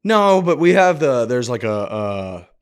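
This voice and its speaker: A man's voice: medium pitch, big pitch swings, measured pace, smooth. A man co-hosting a golf podcast in casual chat, easygoing and teasing. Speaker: podcast co-host.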